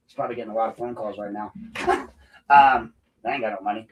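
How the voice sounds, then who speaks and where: A man's voice: lowish voice, steady tone, fast, distant mic, noisy background. Profane, combative man ranting off-mic. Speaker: podcast host. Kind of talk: unscripted solo rant.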